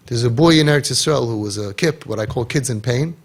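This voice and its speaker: A man giving an impassioned inspirational talk, animated, acting out bits of dialogue and repeating his key points. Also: medium pitch, fast, hardly any pauses, husky. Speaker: inspirational speaker.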